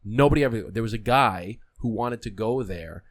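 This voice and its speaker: A man hosting a casual podcast chat, his voice sitting a little low. He tells a story in a loose, rambling way, tripping over restarts and dropping in casual swearing. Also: moderate pace.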